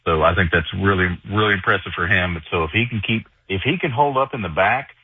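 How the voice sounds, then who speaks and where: A deep, husky man from Arkansas calls in to a sports radio show. He speaks over a tinny phone line with a dry sound. He repeats himself as he works his way through his thoughts. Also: dry recording. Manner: halting, repeats words while thinking. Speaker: caller. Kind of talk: casual call-in sports chat.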